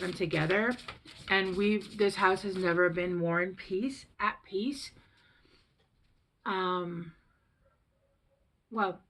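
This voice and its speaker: A woman's voice: lowish voice, creaky, bright, forceful tone, a little hiss or hum. A woman in her thirties giving a casual tarot reading to camera, emotional and rambling, often trailing off and restarting her sentences. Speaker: tarot reader.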